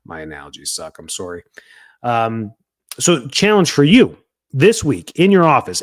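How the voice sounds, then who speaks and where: A man hosting a coaching show for chiropractors, talking in a casual, energetic way and acting out what people might say. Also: a little high, normal speed. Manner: energetic and chatty, acts out quoted lines. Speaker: podcast host coaching chiropractors.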